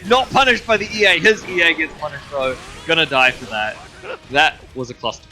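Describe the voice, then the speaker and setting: Bright-voiced man calling fighting game play. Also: a little high. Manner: quick play-by-play with dry jokes. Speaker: commentator. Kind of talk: casual esports commentary.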